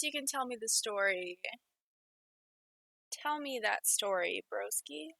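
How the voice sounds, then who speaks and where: A young woman chatting casually and excitedly with her live stream viewers, giggling often. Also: on the high side, takes it slowly, gravelly, pauses often, dry recording.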